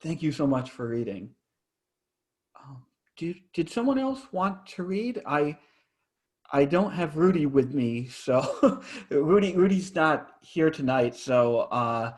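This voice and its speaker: A man hosting an online reading series, giving feedback and calling for readers in a relaxed, hesitant way full of fillers. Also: fairly high pitch, slow. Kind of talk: casual hosting on a video call.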